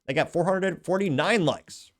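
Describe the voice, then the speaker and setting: A man's voice: high voice, normal speed. A man hosting a commentary show, reading viewer comments aloud and adding blunt, sarcastic asides. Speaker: host.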